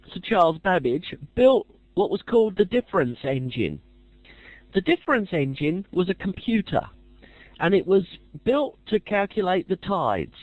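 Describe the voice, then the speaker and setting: A man's voice: sits high, darkish tone, dry recording, muffled recording. A man giving a casual lecture as a teacher, chatty with dry jokey asides.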